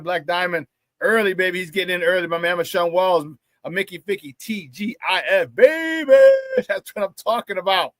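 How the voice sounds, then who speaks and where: A man hosting a morning sports talk show, hyping up viewers in a playful, lively way and often breaking into laughter. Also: high voice, dry recording. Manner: hype, playful, talks to the chat and laughs often. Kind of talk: upbeat morning show chat.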